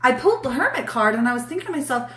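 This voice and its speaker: A woman's voice: sits high, big pitch swings, very fast, pushed and bright, recorded from a distance. A woman hosting a casual live spiritual reading stream, chatty and blunt, swearing freely as she answers chat. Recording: echoey room, voice off mic.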